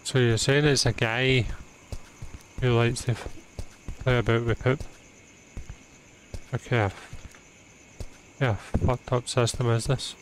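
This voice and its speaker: Sweary gamer, slow talker. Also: male voice, medium pitch, fairly even intonation, slight background noise. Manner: profane, exasperated running commentary. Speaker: gaming channel host. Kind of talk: let's play commentary.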